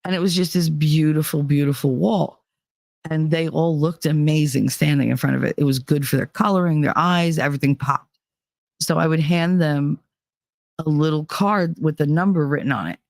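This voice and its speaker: Animated, foul-mouthed woman telling stories. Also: moderate pace, creaky, no room sound, clean studio sound. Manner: animated, profane, jumps up in pitch for quotes. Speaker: podcast host. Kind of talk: casual storytelling.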